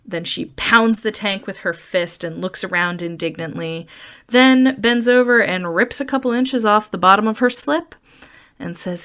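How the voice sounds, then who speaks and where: A woman's voice: medium pitch, measured pace, a bit bright. A woman co-hosting a podcast, recapping a film scene in casual, dry, wry chat. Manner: dry, wry storytelling with acted-out quotes. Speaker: podcast co-host.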